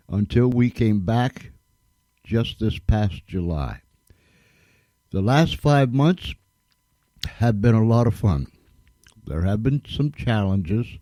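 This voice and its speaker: Slow, deep-toned man hosting a radio show. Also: dark tone, no room sound. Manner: folksy, emphatic, repeats thanks. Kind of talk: casual radio talk.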